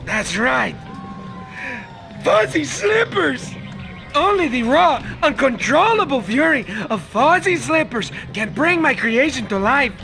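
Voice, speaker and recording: A man's voice: very high-pitched, big pitch swings, slow, creaky, sharp tone, faint music behind, full character voice. An actor playing a nervous, fretful male henchman scientist who pleads, in a video game cutscene. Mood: flustered.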